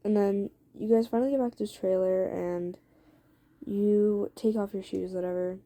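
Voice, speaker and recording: A woman's voice: mid-range voice, steady tone, normal speed, warm tone. A woman telling a second-person fan story aloud in a rambling, casual way, full of fillers and swearing.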